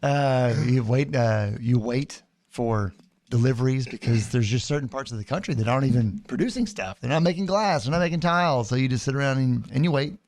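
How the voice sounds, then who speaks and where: A man's voice: medium pitch, a little fast, darkish tone, no room sound. Male podcast co-host, easygoing, dry wit, close dry sound. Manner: easygoing and dry-humored, with many fillers. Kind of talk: casual chat.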